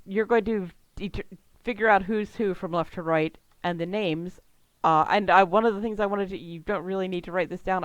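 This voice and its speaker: A woman running a tabletop game as game master, chatty and quick to laugh. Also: fairly low pitch, clear, resonant tone, no room sound, highs cut off.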